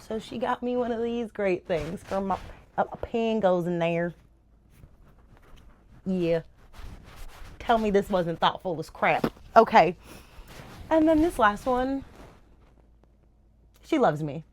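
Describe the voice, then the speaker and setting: A young woman talking casually to camera as a book reviewer, animated and gushing, swearing freely. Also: mid-range voice, slow pace, long pauses, a little hiss or hum. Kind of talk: casual chat.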